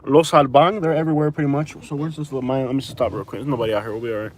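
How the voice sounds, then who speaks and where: A man's voice: mid-range voice, fairly even intonation, rapid-fire, a little hiss or hum. Chatty man livestreaming from a car. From Florida. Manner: rambling, chatty, frequent fillers. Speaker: live streamer. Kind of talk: casual chat while driving.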